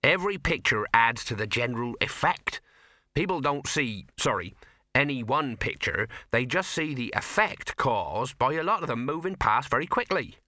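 A man's voice: medium pitch, lively intonation, normal speed, bright, forceful tone, no room sound. A man voicing a chatty older male film craftsman who eagerly explains his trade, in an audiobook reading. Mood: explaining.

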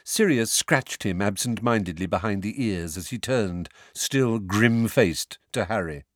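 Male audiobook narrator, low, animated reading, dry close sound. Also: unhurried, dry recording. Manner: lively expressive reading. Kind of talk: scripted narration.

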